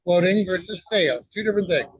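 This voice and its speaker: A man's voice: sits high, lively intonation, fast talker, slightly rough, no echo, low-quality recording. Guy cohosting a podcast, cracking jokes, dry close sound. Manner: playful, wisecracking banter. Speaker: podcast co-host. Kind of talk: casual podcast chat. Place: at a conference, between sessions.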